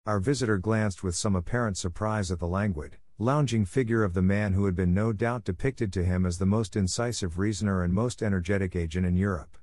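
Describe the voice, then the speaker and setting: A man narrates an audiobook in a measured, even manner, his voice sitting fairly low. The recording is close and very dry, with no room sound at all. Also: no echo.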